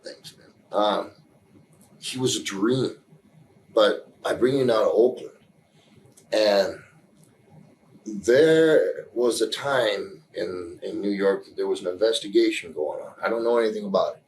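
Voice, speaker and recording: In a candid interview, a male guest tells a story in a rambling, halting way with many restarts, turning earnest and emotional in places. His voice is on the low side with a darkish tone, and the low-quality recording has slight background noise.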